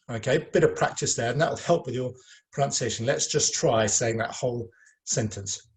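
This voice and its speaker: A middle-aged man talks children through a recorded French lesson in an ordinary mid-range voice. He is patient and encouraging, hesitating with fillers and slowing down to model each sound for them to repeat. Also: mid-range voice. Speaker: French teacher.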